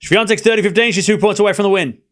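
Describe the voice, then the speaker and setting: Young male streamer, high voice, quick excitable tennis call to chat, drops to a mutter then shouts. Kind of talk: live play-by-play commentary to chat.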